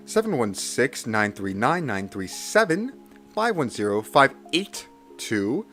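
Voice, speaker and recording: A young man on a live stream rattles off long strings of digits in quick bursts. He stumbles, apologizes and corrects himself in a flustered way. Soft music plays faintly behind him. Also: on the low side, expressive. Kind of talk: live stream memory challenge.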